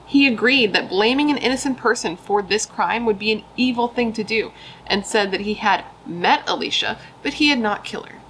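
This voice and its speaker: A young woman with a medium-pitched, fairly bright voice talks a little fast, casually recounting a true crime story. She's emphatic and chatty, swearing and tossing in "dude" and "like." The recording is low quality, with a little hiss or hum.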